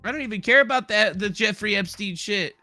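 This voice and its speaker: A man hosting a livestream, ranting in a heated, profane way and swinging into shouting. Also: high-pitched, a little fast, no echo, soft background music. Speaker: livestream host. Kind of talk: angry livestream rant.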